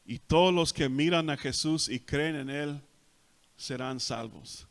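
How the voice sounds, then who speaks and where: A man with a Texas Spanish accent preaches in a church sanctuary, saying each line in Spanish and then in English. His voice sits a little high for a man. He pushes louder when he drives a point home. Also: moderate pace. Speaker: pastor. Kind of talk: bilingual sermon.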